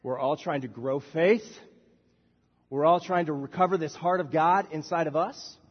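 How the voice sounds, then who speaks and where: A man preaching a sermon as a minister, swinging from soft, quiet passages to loud shouted bursts. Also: a little high, moderate pace, breathy edge, in a large hall, lo-fi sound. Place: church sanctuary.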